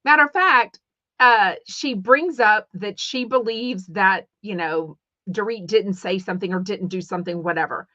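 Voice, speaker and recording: A woman's voice: mid-range voice, moderate pace, pushed and bright, no echo. Middle-aged texan lady rambling on her podcast, kinda muffled lo-fi mic. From Texas. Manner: chatty and rambling, many fillers and restarts. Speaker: podcast host. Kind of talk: casual livestream chat. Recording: dull lo-fi dry sound.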